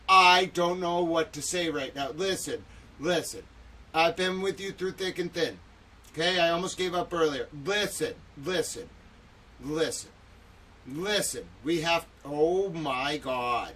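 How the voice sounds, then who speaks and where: A man with a fairly high voice speaks slowly and deliberately into a studio microphone. He hosts a live stream, sounds badly shaken, repeats the same phrases over and over, and stumbles on his words. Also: pushed and bright. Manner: distressed, repeats himself and stammers. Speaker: livestream host and reporter.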